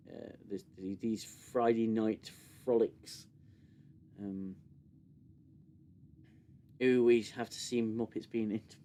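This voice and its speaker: A British man hosting a casual livestream and reviewing a show, rambling with many fillers and restarts into a desk mic. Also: fairly low pitch. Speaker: livestream host.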